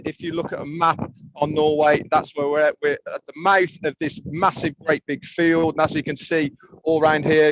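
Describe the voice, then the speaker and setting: A man's voice: a little high, no echo, dull audio. A man from the United Kingdom co-hosting a livestream from a cruise ship deck over a video call, talking cheerfully and loosely. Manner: cheerful, chatty, loose phrasing. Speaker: co-host. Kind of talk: casual livestream chat.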